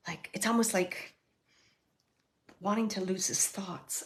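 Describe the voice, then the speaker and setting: A woman hosting a live mediumship reading, who speaks tentatively with many fillers and restarts and often sinks to a soft murmur. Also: medium pitch, extremely slow, pauses often. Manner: often drops to a soft, near-whispered murmur. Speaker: psychic medium host.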